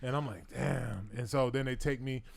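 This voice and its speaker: A man on a podcast, telling a story in casual chat and acting out the other people's lines with animated voices. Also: mid-range voice, fast, clear, resonant tone. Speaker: podcast co-host.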